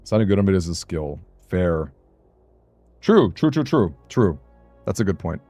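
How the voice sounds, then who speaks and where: A young man with a fairly low voice chats loosely through a live game stream. He reads comments aloud, laughs easily and second-guesses himself. The sound is close and dry with no room behind it. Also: big pitch swings, unhurried, dark tone, dry recording, faint music behind. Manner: chatty, self-conscious, laughs often, reads chat aloud. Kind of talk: casual live-stream chat while playing.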